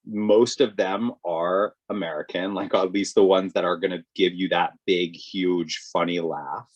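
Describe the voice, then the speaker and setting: A man's voice: deep voice, fairly even intonation, unhurried, lo-fi sound. A man co-hosting a podcast, chatting casually and working through his thoughts carefully as he searches for words. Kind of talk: casual chat.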